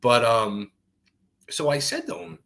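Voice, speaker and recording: A man's voice: medium pitch, wildly swooping pitch, unhurried, vocal fry, fairly bright tone. A middle-aged man on a casual podcast, a former wrestler telling a story and acting out quoted voices, swearing freely.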